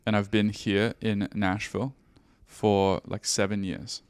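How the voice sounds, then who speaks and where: A man's voice: fairly low pitch, level tone, unhurried, smooth, no echo, clean studio sound. A man in his thirties from Australia with an Australian accent, a laid-back guest telling stories in casual chat. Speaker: guest, music producer.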